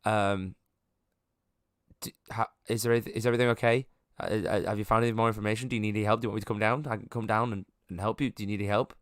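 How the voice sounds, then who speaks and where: Man playing a nervous stammering middle-aged scientist, flustered, low dry voice, tabletop game figure. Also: flat delivery, very fast, dry recording, close to an everyday voice. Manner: stammering, nervous, eager to help.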